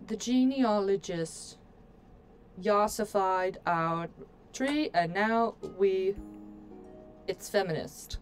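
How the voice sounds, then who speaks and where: A woman's voice: mid-range voice, slow, long pauses, a little hiss or hum. Give me a chatty, playful woman commenting on a game for her viewers. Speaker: game streamer. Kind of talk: casual gameplay commentary.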